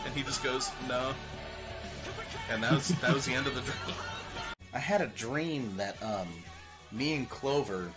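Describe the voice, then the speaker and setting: A man casually chatting with his stream viewers, rambling and animated, laughing and swearing freely as he talks. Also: mid-range voice. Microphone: desk microphone. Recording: music playing behind the voice.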